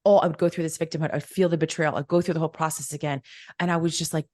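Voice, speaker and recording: Middle-aged woman as a podcast guest, a rapid, lower-pitched storyteller who acts out dialogue, in a dry, close sound. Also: fairly even intonation, a little mellow, dry recording. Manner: acts out quoted dialogue, emphatic and repetitive. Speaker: podcast guest, wealth mentor. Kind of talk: animated personal storytelling.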